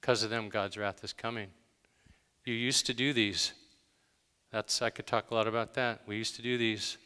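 A man's voice: fairly low pitch, steady tone, normal speed, pushed and bright, smooth. A male pastor giving a conversational, emphatic sermon, telling everyday stories with dramatic gasps. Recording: long hall reverb.

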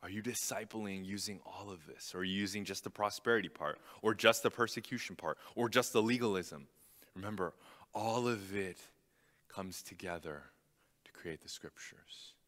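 A man's voice: fairly low pitch, normal speed, a bit bright. Earnest young man preaching in a reverberant hall. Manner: earnest, emphatic, repeating key phrases. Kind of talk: sermon.

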